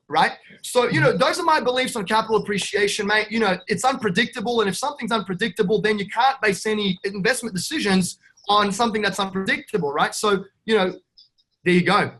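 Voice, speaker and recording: A brash Australian man talks in a casual podcast interview, upbeat and blunt. His voice sits high for a man and has a bright, forceful edge. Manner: brash, upbeat, calls the host "mate". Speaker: guest real estate investor.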